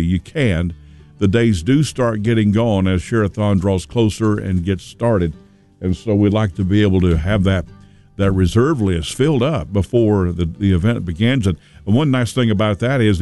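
A man's voice: lowish voice, dark tone. A man hosting a local Christian radio show, chatting in a folksy, rambling way. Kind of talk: casual local radio talk. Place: radio studio.

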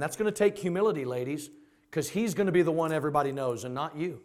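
A man's voice: on the high side, a little fast. A man preaching a sermon as pastor, folksy and plain-spoken, who acts out the voices of the people he talks about. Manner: animated, acts out quoted voices.

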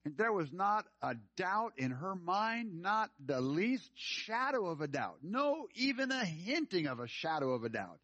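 A man's voice: sits high, very animated, measured pace, hardly any pauses, a bit bright, no room sound. A male pastor preaching a sermon, telling a story and then pressing his point with earnest urgency. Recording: dry, slightly dull sound.

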